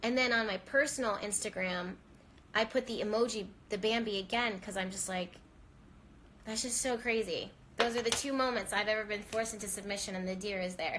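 With slight background noise behind her, a live-stream host who works as a spiritual reader speaks briskly in a mid-range, somewhat bright voice. Crying and shaky, she delivers an earnest, emotional monologue that rambles and restarts often.

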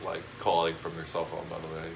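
A man's voice: very deep voice, monotone, a little fast, gravelly, slight background noise. A man ranting in a casual chat as a podcast guest, swearing and laughing often.

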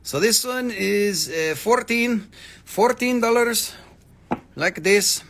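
A man's voice: high-pitched, slow pace, vocal fry, fairly bright tone. A man hosting a live rock-selling stream, rambling casually, swearing freely and calling out prices to viewers.

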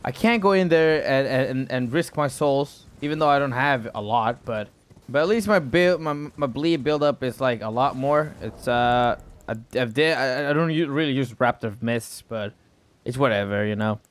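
A man's voice: mid-range voice, normal speed. Rambling man commenting on gameplay. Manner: rambling, repeats words, frequent exclamations. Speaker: gaming YouTuber. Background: background music.

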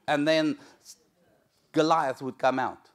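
A male pastor preaching a sermon in church, telling a story with lively, acted-out moments. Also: a little high, slow pace. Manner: animated storytelling, acts out shouting crowds.

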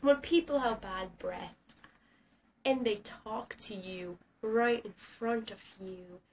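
A woman's voice: medium pitch, slow pace. Sarcastic young woman ranting on camera. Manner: exasperated, sarcastic, swears often. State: sick. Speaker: vlogger. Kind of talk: casual rant vlog. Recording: distant camera mic with faint hiss.

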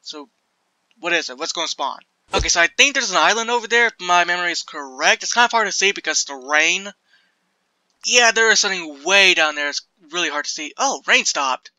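Bright, high-pitched young man gaming. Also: lively intonation, brisk, dry recording. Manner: chatty, jumpy, self-mocking, laughs often. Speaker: gaming video creator. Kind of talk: casual Minecraft commentary.

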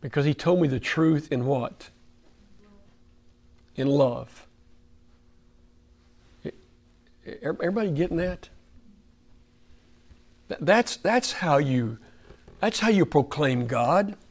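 A man's voice: fairly high pitch, lively intonation, slow, long pauses. A man with an Oklahoma accent preaching a folksy, conversational sermon in a church fellowship hall, putting questions to the room.

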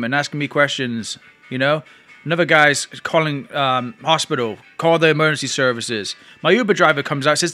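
Bright-voiced man retelling an ordeal. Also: a little high, normal speed, soft background music. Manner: rambling, emotional retelling with restarts. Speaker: vlogger. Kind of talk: casual storytelling to camera.

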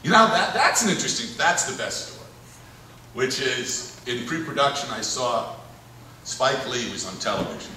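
A man's voice: mid-range voice, normal speed, a little hiss or hum. Man, director at a live Q&A, rambling, laughing storyteller; distant, hall echo, crowd murmur. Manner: rambling, chuckling, animated storyteller. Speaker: film director telling stories on stage. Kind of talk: anecdotal Q&A storytelling. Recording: echoey hall, taped from far off in the audience. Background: audience laughter and room ambience.

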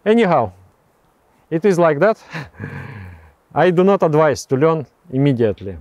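Male meditation teacher, slightly high, mellow tone, dry close sound, halting and repetitive delivery. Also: sing-song, vocal fry, dry recording. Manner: halting, repeats words and restarts phrases. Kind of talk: explaining meditation practice.

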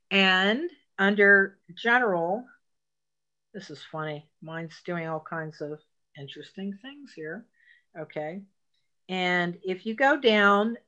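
A woman leads an online phone class at an unhurried pace. Her voice is bright and forward, and she gives patient, step-by-step instructions with emphatic asides. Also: medium pitch, muffled recording.

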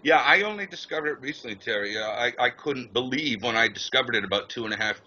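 A man speaking as a radio show guest, chatty and halting, with many fillers. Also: mid-range voice, animated, bright, forceful tone, husky. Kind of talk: radio interview talk. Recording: dull lo-fi call audio.

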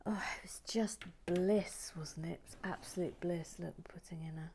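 A woman hosting a relaxed building video, talking softly and often dropping to a whisper. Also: lowish voice, moderate pace, a little hiss or hum. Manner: soft-spoken, often dropping to a whisper, chatty. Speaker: host of a toy building channel.

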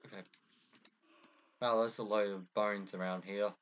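A man's voice: fairly low pitch, flat delivery, unhurried, dull audio, slight background noise. Chatty Australian man playing a game. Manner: rambling, self-mocking, chatty. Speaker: gaming video creator. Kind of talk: casual gameplay commentary.

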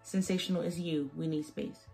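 A woman's voice: low-pitched, fairly even intonation, normal speed, creaky, mellow, faint music behind. A woman beauty vlogger chatting through a wig tutorial, sassy and playful, joking with her viewers as she works.

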